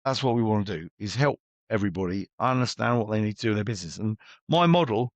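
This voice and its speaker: A man's voice: lowish voice, animated, fast, no room sound. A middle-aged man, a business coach, talking bluntly and chattily as an interview guest and acting out his exchanges with clients.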